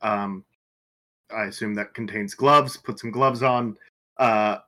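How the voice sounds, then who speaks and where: A man at a tabletop game, methodically working through the scene with question after question. His voice is bright, and he talks like an ordinary player around a table. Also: on the low side, steady tone, takes it slowly. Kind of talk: casual tabletop play.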